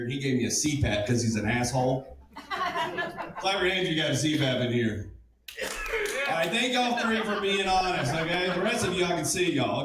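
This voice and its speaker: Crude forty-something guy doing stand-up, bit high voice, echoey casino room, mic sounds far off. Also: a bit bright. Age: 40s. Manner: brash, crude storytelling with drawled Southern slang. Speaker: stand-up comedian. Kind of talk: stand-up comedy set. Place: casino stage before a live audience. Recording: echoey room with live crowd, mic heard from a distance.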